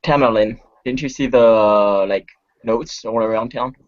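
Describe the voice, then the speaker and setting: A man's voice: medium pitch, fairly even intonation, a little slow. A man playing a tabletop game, hesitant and full of fillers as he describes his character's moves. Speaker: player. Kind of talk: casual tabletop game chat. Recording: muffled lo-fi recording.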